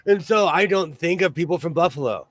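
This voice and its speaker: Casting: fairly high-voiced man, sewing show host, rambling and animated. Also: fairly quick. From New York State. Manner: rambling, animated storyteller who laughs often. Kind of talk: casual chat.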